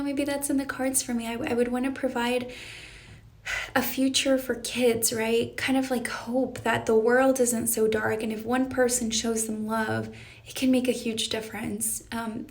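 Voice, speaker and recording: A young woman talks casually and earnestly on a live stream, answering viewers' questions as she goes. Her voice sits a little high and has a gravelly, fry-tinged edge. It sounds like a phone or webcam mic in a casual live-stream setup. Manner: earnest, reflective, reads viewer questions aloud. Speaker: life coach.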